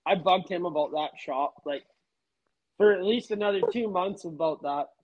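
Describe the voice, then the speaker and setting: A man's voice: high voice, moderate pace, a little mellow, muffled recording. A man telling a work story in casual chat, laid-back, swearing freely. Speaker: podcast guest.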